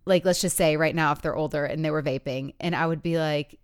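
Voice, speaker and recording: Woman co-host in her thirties, chatty, lower pitch, dry close mic. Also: fairly even intonation, brisk, clean tone, no room sound. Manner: chatty, acts out quotes with big pitch jumps. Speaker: podcast co-host. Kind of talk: casual podcast chat.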